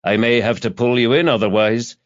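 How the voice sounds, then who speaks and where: A man voicing a world-weary, sardonic middle-aged male detective who talks in a dry, mocking, low-key way. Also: steady tone, a little fast, no echo, close to an everyday voice. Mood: needling. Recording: dull, dry lo-fi audio.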